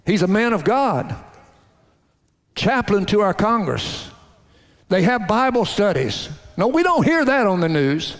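Man, pastor, high voice, folksy animated sermon, long church reverb. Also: unhurried. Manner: folksy, animated preaching with audience call-outs. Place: church sanctuary.

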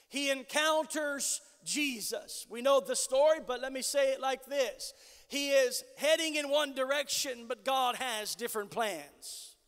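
A man preaching a sermon as pastor, telling a Bible story and then rising to loud exhortation. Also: very high voice. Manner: builds from measured storytelling to shouted exhortation. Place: church sanctuary. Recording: long church hall reverb.

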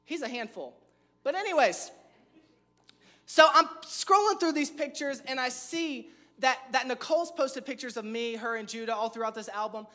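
Animated, joking male pastor. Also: very high-pitched, normal speed. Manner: animated, joking, self-mocking; emphatic repetition. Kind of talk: humorous storytelling sermon. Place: church stage before a live congregation.

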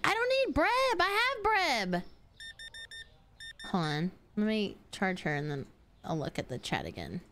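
A woman streaming a game live, chatting excitably with her viewers, yelping and swearing at the game as she plays. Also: medium pitch, a little slow, long pauses, slight background noise. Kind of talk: live gaming stream chat.

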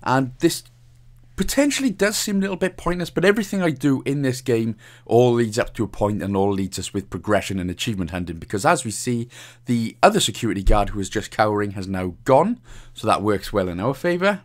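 A man's voice: mid-range voice, animated, fairly quick. A young man with a Welsh accent talks through a game walkthrough in a chatty, cheeky way, joking and laughing as he plays. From Wales. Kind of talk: casual gameplay commentary.

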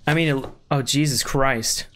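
A man's voice: mid-range voice, moderate pace, a bit bright, slight background noise. A man streaming, giving casual reaction commentary with frequent exclamations and laughter.

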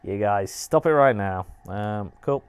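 A man hosting a live game stream, chatting and reacting with animated, laugh-prone commentary. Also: lowish voice, unhurried, smooth, no room sound. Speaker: streamer host.

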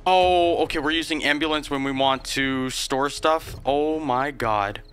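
A man playing a zombie survival game and narrating it, excitable, shouting and squealing when startled, laughing at himself. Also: on the high side, a little slow, soft background music. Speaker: gaming YouTuber. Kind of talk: game commentary with recorded narration.

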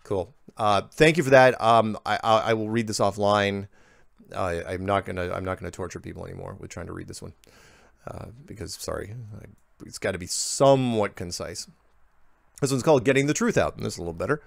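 A man hosting a show, reading viewer emails aloud and answering them in a halting way, often restarting his sentences. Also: fairly low pitch, vocal fry, no echo, studio quality. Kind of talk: casual reading and commentary.

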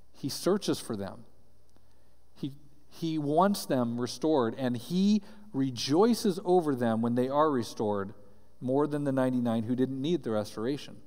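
A man's voice: medium pitch, a little mellow. A man preaching a sermon as pastor, reading scripture aloud and explaining it earnestly, often checking in with "right?". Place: church sanctuary. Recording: roomy church hall reverb.

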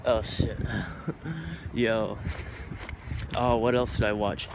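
A man's voice: medium pitch, expressive, slow, slight background noise. A young man vlogging while walking outdoors at night, rambling in a goofy, profane way into a phone camera. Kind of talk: rambling casual monologue.

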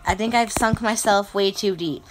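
A woman's voice: medium pitch, moderate pace, faint music behind. A woman narrating her strategy game play in a melodramatic, self-mocking way. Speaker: gamer. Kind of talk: let's play game commentary.

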